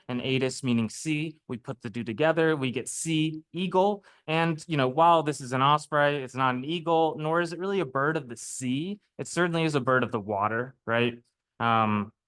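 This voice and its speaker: Naturalist guy lecturing a room, clear and resonant voice, easygoing and chatty. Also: mid-range voice. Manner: chatty, lively explainer with frequent "right?" and "okay?". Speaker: naturalist speaker. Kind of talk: public lecture with slides. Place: lecture room before a live audience.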